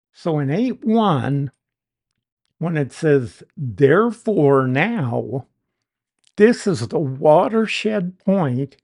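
Leaning hard on important words, a preacher gives a deliberate, emphatic expository sermon on the Bible. The voice sits at medium pitch and has a darkish tone.

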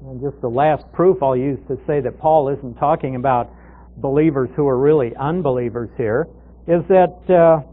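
A man with a fairly high voice teaches through a Bible passage verse by verse. He talks conversationally, asking questions and answering them himself. The sound is thin and phone-like, as on a radio broadcast.

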